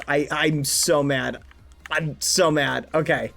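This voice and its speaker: A woman streaming gameplay and chatting with her viewers, theatrical, swinging between low mutters and loud frustrated yelps. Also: fairly even intonation, takes it slowly, creaky, faint music behind. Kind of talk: live-streamed gameplay chat.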